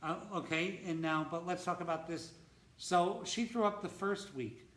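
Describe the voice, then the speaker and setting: A man's voice: high-pitched, moderate pace, a bit bright, echoey room. A man hosting a casual interview at a retreat center, talking emphatically and often repeating his first words as he starts a sentence. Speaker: host of a retreat center talk.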